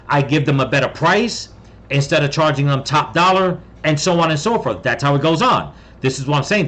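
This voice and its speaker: American guy ranting casually, kinda high voice, keeps going "okay?" and restarting. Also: fairly bright tone. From United States. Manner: rambling, repeats "okay?" often, restarts. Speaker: commentator. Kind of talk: casual commentary reading an article.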